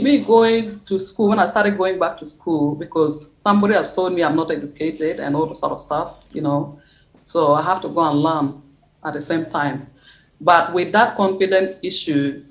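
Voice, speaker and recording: A woman from Uganda, a guest on a call from her living room. She gives an earnest, halting personal account with many restarts and repeated phrases. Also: on the low side, low-quality recording. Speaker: interview guest. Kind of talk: personal testimony. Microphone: video or phone call from home.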